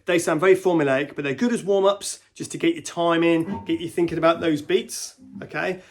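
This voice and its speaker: A man teaching guitar in a casual way, counting beats and scatting rhythms aloud. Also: fairly high pitch. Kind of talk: casual instructional talk. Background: guitar and backing track playing.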